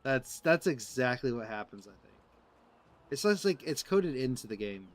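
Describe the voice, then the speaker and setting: A man's voice: medium pitch, big pitch swings, moderate pace, slight background noise. A man giving casual commentary over his gameplay, rambling and joking with lots of filler words. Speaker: gaming streamer.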